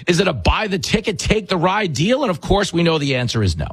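A man's voice: sits high, very animated, a little fast, breathy edge, no room sound, low-quality recording. A man hosting a talk show, delivering combative, rhetorical political commentary with mocking asides.

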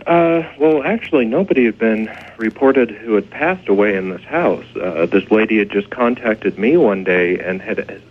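A man, a paranormal investigator guest on radio, telling his story with hesitant pauses. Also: fairly low pitch, lively intonation, breathy edge. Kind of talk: radio interview. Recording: tinny phone line.

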